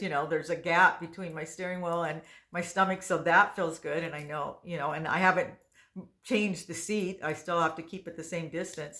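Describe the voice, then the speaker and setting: Chatty woman in her sixties, low-pitched. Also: fairly bright tone. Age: 60s. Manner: chatty, rambling, frequent restarts and fillers. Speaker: vlogger. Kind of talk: casual chat to camera.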